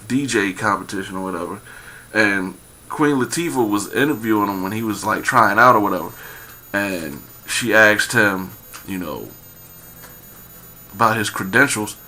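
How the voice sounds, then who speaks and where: Philly man, slowish, low-pitched, bright forceful tone, rambling vlog commentary with lots of fillers. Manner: rambling, repeats himself, many fillers, grows emphatic. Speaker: vlogger. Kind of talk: casual commentary monologue.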